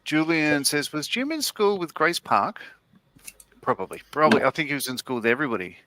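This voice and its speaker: A man's voice: on the high side, expressive, a little fast, pushed and bright. A man hosting a casual livestream, reading viewer comments aloud with chuckling asides. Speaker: livestream host.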